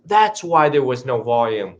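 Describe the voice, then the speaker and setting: A man's voice: medium pitch, big pitch swings, a little slow. A man giving an informal dharma talk as a Buddhist teacher, chatty and self-mocking, laughing often and acting out little voices. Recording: dull lo-fi recording.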